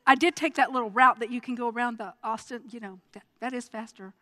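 High-voiced woman preaching in a hall. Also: quick pace. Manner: storytelling, stammering restarts, swings from hushed to loud and impassioned. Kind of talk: sermon with personal testimony.

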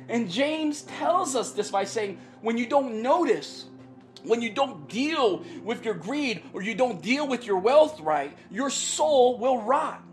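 Woman, pastor, sermon, higher voice, emphatic repetition, faint background music. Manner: earnest preaching, often asks the congregation "right?"; repeats phrases for emphasis.

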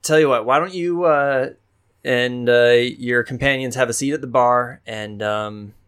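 A man voicing an older, larger female innkeeper, brisk and guarded. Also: mid-range voice, fairly bright tone, smooth, lightly acted. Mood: wary.

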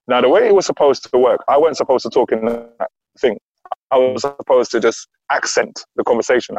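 A man telling a story with lively energy and acting out the voices of the people in it. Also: medium pitch, no room sound. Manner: lively, acts out quoted dialogue. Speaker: guest. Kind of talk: animated storytelling. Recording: dull, dry sound.

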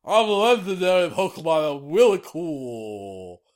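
A man putting on a high, loud, squealing voice for a goofy, boastful dog creature with a sword in its mouth, mumbling and giggling. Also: very animated, unhurried. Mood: silly boastful.

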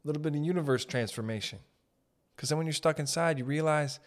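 A young man hosting a podcast, rambling through a profane, animated comedic monologue. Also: a little high, fast. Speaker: podcast host.

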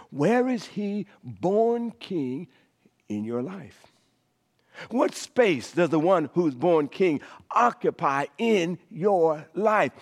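A male pastor with a high voice preaches a sermon, repeating phrases for emphasis and shifting from loud declarations to hushed whispers.

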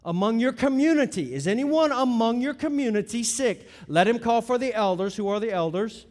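A middle-aged man preaching a teaching sermon, stressing key words loudly and dropping into quiet asides. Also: high voice, big-room sound. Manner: emphatic, swings between loud stresses and quiet asides. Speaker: pastor.

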